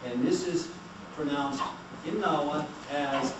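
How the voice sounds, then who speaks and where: A man's voice: a little high, takes it slowly. A man giving a classroom lecture, explaining patiently and putting questions to the class. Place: lecture room. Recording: very echoey, distant, noisy room recording.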